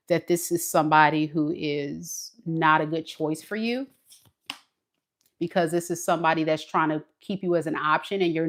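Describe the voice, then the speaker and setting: A woman with a slightly low voice talks through a tarot reading in a loose, chatty way. She speaks straight to the viewer and slips into dramatic asides as she acts out the other person's thoughts. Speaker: tarot reader. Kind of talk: casual tarot reading monologue.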